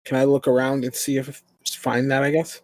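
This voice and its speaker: A man's voice: mid-range voice, little pitch movement, normal speed, dry recording. A man playing a tabletop game, thinking aloud with hesitant restarts. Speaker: player. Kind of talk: casual tabletop play.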